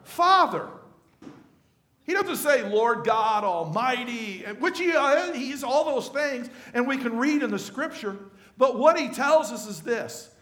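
High-voiced pastor preaching in an echoey church. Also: male voice, lively intonation, a little slow, a bit bright. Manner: conversational, asks the congregation questions. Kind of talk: sermon. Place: church sanctuary.

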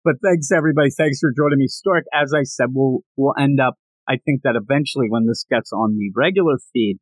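A man's voice: mid-range voice, a little fast, dry recording, low-quality recording. Jokey, rambling man hosting a podcast. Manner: rambling, jokey, frequent restarts. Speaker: podcast host. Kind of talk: casual podcast chat.

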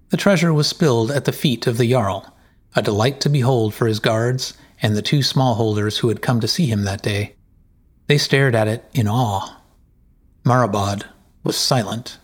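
A man narrating a story in a measured, deliberate way. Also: medium pitch.

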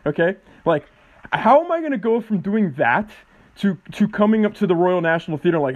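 A man's voice: high-pitched, lively intonation, fairly quick, phone-quality sound. A man hosting a podcast, rambling and hesitant, swearing casually. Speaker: podcast host.

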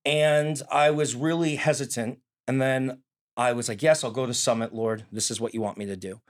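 A man's voice: medium pitch, fairly even intonation, normal speed. A young man, a student, giving an earnest personal testimony in a conversation. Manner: earnest, storytelling with quoted prayers.

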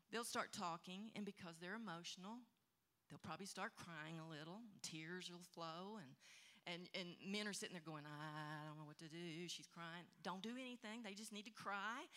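A woman pastor giving marriage advice on a panel, animated, acting out husbands and wives in quick quoted lines. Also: medium pitch. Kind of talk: animated teaching talk.

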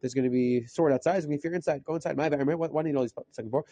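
A man giving a rapid Talmud lesson, reading through Aramaic text in a quick chant and translating it as he goes. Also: a little high, mellow, breathy edge, no echo. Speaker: Talmud teacher. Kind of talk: rapid daf yomi lesson.

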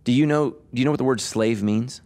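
A man's voice: mid-range voice, fast, darkish tone. A middle-aged man, a pastor hosting a podcast, talking emphatically in a casual discussion, with frequent restarts.

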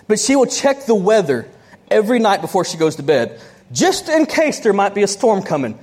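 Woman preacher, sermon delivery, animated and conversational, quick asides. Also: on the high side.

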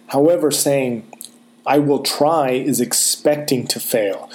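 A man giving a motivational self-help talk, earnest and emphatic, slowing down on key phrases. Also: mid-range voice, a little mellow. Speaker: motivational speaker.

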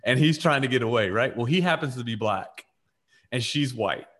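A talkative man co-hosting a faith podcast, who spins his stories with lively swings in pitch. He keeps saying "like" and "right?" and acts out the people he quotes in their own voices. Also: moderate pace. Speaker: podcast co-host. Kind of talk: casual faith conversation, storytelling.

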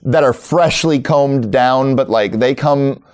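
A man narrating a tabletop game as game master, describing scenes in a relaxed, rambling way. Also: medium pitch, slow pace, clear, resonant tone.

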